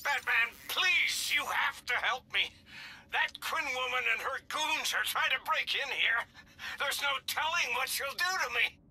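A man's voice: very high-pitched, a little slow, sharp tone, breathy edge, exaggerated voice. A man voicing a frightened male civilian who pleads for help in panic, in a video game. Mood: panicked.

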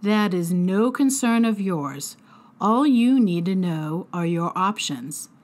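A woman's voice: medium pitch, animated, slow, a little mellow. A woman voicing a cold, smug twelve-year-old boy mastermind with precise, condescending speech.

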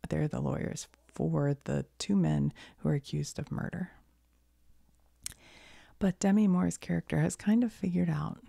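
A woman with a cold speaks in a soft-spoken ASMR way, often slipping into a whisper. Her voice is low and deeply gravelly with a husky, dark tone, close and dry on the mic. She rambles gently and corrects herself as she talks. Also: no echo. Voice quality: soft, breathy whisper drifting in and out. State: has a cold. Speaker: ASMR creator.

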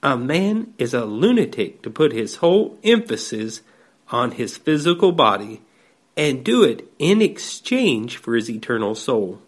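A man delivering a slow, measured devotional sermon, reading scripture aloud. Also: mid-range voice, very animated. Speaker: preacher.

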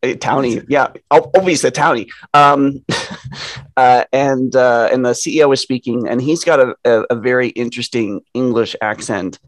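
A man's voice: mid-range voice, moderate pace, no room sound. Male co-host, rambling self-interrupting talker, dry close mic. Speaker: podcast co-host. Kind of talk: casual chat.

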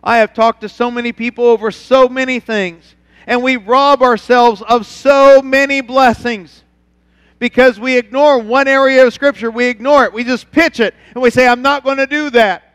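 A man who is a pastor, preaching a sermon at his church, who climbs to emphatic, near-shouted passages and then drops to soft, low, intimate talk. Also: fairly even intonation, normal speed, clear, resonant tone, in a large hall. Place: church sanctuary.

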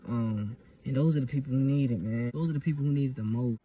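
A man's voice: mid-range voice, fast, warm tone, husky, distant mic. A young man talking in a casual vlog monologue, emphatic and profane, full of street slang. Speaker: vlogger.

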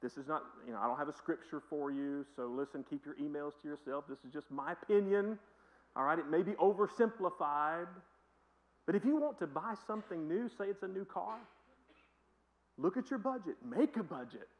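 A man's voice: fairly high pitch, expressive, fairly quick, rough recording. A man pastor preaching a sermon in a conversational, emphatic storytelling manner. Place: church.

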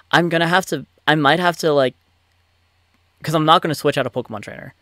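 A man giving live commentary on his own gameplay, excitable and frustrated, swearing often. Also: on the high side, fast talker, no echo. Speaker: let's play gamer. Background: faint game music.

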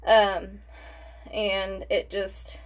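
A young woman talks her way through a makeup tutorial in a loose, rambling way. She loses her train of thought and sighs as she goes, and she is short of breath. Her pitch sits in the middle range for a woman. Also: flat delivery, extremely slow, a little hiss or hum. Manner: rambling, forgetful, chatty with sighs. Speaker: beauty vlogger. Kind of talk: casual makeup tutorial chat.

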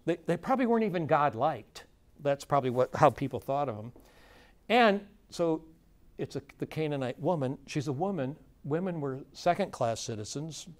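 A man facilitating a conference workshop, talking informally to a live audience with plenty of fillers and restarts and questions thrown to the room. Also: on the high side. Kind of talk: conversational lecture to a live audience.

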